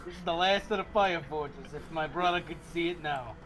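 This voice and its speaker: A man's voice: on the high side, fairly quick. A man playing a tabletop game, speaking in dry, muttered remarks. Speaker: player.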